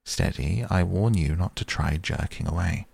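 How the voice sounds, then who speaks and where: A man's voice: low-pitched, normal speed, gravelly, a little mellow, breathy edge, no room sound, exaggerated voice. A man reading the part of a stern, commanding old woman in an audiobook, with a cold, clipped, imperious manner. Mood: menacing.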